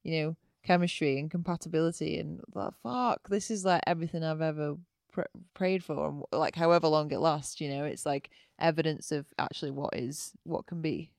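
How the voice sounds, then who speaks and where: A woman guest on a podcast, chatting candidly and giggling, with lots of drawn-out filler words. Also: deep voice, vocal fry, a little mellow, no echo, clean studio sound. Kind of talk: casual chat.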